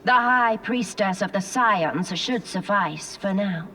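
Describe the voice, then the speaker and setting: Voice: medium pitch, slow, pushed and bright. An actor voicing a ruthless imperial captor in a video game cutscene, speaking in a menacing, commanding way. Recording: distant game audio with faint background noise.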